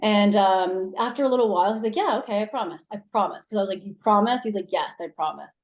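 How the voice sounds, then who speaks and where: A woman in her thirties, a guest telling personal stories in casual conversation, acting out quotes with big jumps in pitch. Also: quick pace. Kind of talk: casual interview storytelling. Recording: roomy echo.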